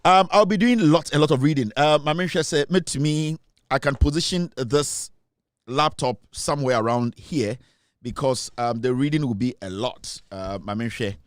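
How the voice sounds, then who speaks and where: A man with a Ghanaian accent hosting a casual show, talking with animated, playful banter. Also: medium pitch, normal speed, no echo, clean studio sound. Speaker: show host. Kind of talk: casual show talk, mixing English and Twi.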